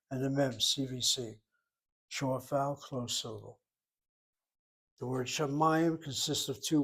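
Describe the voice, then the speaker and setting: A man teaching a Hebrew lesson, explaining grammar step by step and thinking aloud as he goes. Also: a little high. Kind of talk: informal language lesson.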